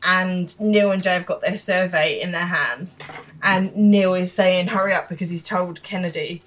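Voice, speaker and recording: A podcast co-host retelling a TV episode scene by scene in a steady, casual way. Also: mid-range voice, moderate pace, a little hiss or hum.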